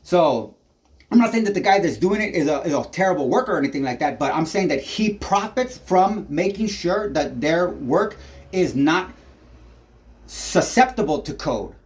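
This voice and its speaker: Pointing a handheld camera at his neighbor, this man vents in an angry vlog, cursing heavily and drifting agitatedly between topics. He speaks at a moderate pace in an expressive voice on the high side.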